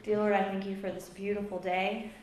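A woman's voice: mid-range voice, little pitch movement, a little fast, slight background noise. Woman praying in an echoey church. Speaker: scripture reader and prayer leader. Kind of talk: scripture reading and prayer.

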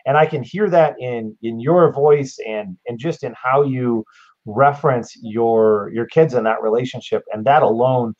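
A man's voice: medium pitch, unhurried, darkish tone, highs cut off. A man talking earnestly and reflectively in a casual podcast conversation, laying out his thoughts point by point. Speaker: guest.

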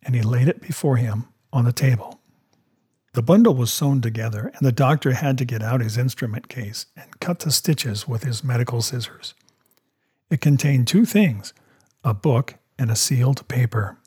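A man reading a storybook aloud in a steady first-person narration. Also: medium pitch, moderate pace, slightly rough. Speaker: audiobook narrator. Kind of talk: scripted narration.

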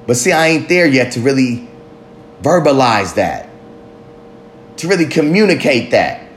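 A man in the middle of his range talks bluntly and swears freely, baring his thoughts in a candid confessional monologue. His voice rings around a roomy, echoey space with a faint low rumble underneath. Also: very animated, a little slow. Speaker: father. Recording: roomy echo.

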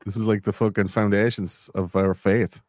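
A man's voice: on the low side, flat delivery, normal speed, darkish tone, no echo, clean studio sound. A man guesting on a podcast, rambling through sarcastic, crude jokes. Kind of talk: crude casual banter.

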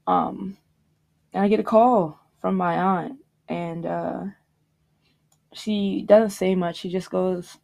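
A young woman on a podcast telling a personal story about grief, halting and reflective, with pauses and restarts. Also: lowish voice, fairly even intonation, vocal fry, a little mellow. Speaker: podcast guest.

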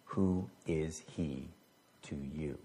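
A man's voice: rumbling low, drawn-out words, dark tone. A middle-aged man preaching a sermon as pastor, talking conversationally and stumbling over words at times. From United States.

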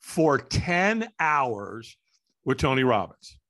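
A middle-aged man talks as a guest in an interview, his voice bright and pressed forward. He tells his story in an animated way and acts out the people in it. His pitch sits in an ordinary middle range. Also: slow. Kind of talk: storytelling in conversation.

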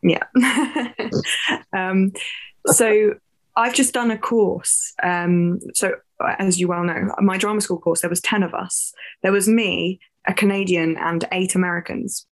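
A woman's voice: medium pitch, steady tone, measured pace. Chatty young Englishwoman. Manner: chatty, laughs often, many fillers. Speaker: guest actress. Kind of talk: casual podcast chat.

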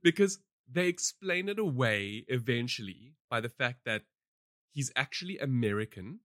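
A man's voice: medium pitch, animated, moderate pace, a bit bright, no room sound. Chatty man reviewing films, dry sound. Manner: rambling, chatty, laughs often, many fillers. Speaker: podcast host reviewing films. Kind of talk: casual chat.

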